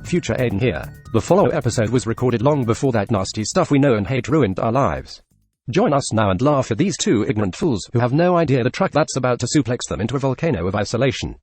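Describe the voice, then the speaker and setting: A man delivering a quick intro aside in a mock-gloomy tone. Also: medium pitch, animated, a little mellow, voice pushed down. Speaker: podcast host. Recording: husky voice over faint music.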